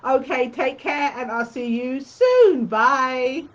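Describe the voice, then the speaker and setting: A woman's voice: sits high, lively intonation, slow, dull audio. A woman hosting a quilting tutorial live stream, chatting casually and fondly with her viewers.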